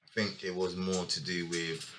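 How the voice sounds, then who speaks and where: A very deep-voiced man, yet his tone carries a bright, forceful edge. He talks bluntly and swears freely in a casual interview. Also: flat delivery, moderate pace, a little hiss or hum. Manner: blunt and plain-spoken, swears freely when heated. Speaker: guest, former group member.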